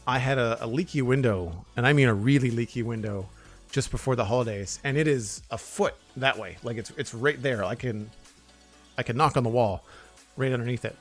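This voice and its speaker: A man chatting casually on a live stream as he builds Lego, friendly and talkative, stopping often to thank his supporters by name. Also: mid-range voice.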